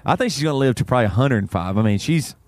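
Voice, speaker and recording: A man's voice: rapid-fire, no echo. A man, co-hosting a podcast, telling a story in casual chat and laughing through it. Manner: animated, laughs through the story, voice jumps high when excited. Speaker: podcast co-host.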